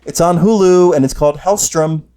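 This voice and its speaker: A man's voice: a little high, moderate pace, dark tone, smooth. A man from New Jersey co-hosting a podcast in casual chat, gushing with enthusiasm and laughing easily. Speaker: podcast co-host.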